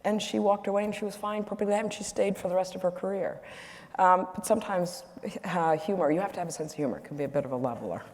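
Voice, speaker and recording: A woman's voice: lowish voice, fast talker, darkish tone, slight background noise. Candid woman in her 60s, echoey hall. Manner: candid, self-correcting, humorous storyteller. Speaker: guest speaker. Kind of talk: onstage conversation with anecdotes. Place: event hall.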